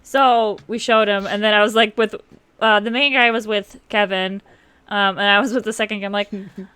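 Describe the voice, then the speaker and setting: A woman's voice: medium pitch, normal speed, clean tone. A young woman casually telling a story on a live podcast, acting out the people she quotes. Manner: animated, acts out quotes in the story. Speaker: co-host, girlfriend of the host.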